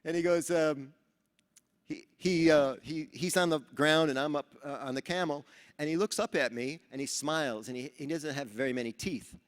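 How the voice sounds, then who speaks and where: A man's voice: a little high, normal speed. Man telling stories in a reverberant hall. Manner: animated storyteller who acts out dialogue. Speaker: Rotary speaker at a training seminar. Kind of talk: motivational speech with storytelling. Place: large event hall.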